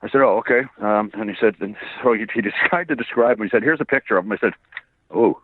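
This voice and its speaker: A slightly hoarse man, born in Ireland and raised in Canada, telling stories as an interview guest, laughing often and swearing casually. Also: on the low side, fast, no room sound. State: a bit hoarse. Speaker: voice actor and singer guest. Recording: dry tinny phone-like line.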